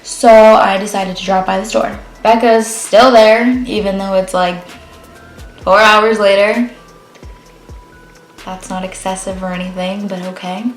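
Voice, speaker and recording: A young woman talks straight to camera in an echoey room, with faint music under her voice. She tells her story in a chatty, profane rush, peppering it with fillers. Her pitch sits in an ordinary middle range. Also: steady tone, measured pace. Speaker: vlogger. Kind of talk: storytime vlog.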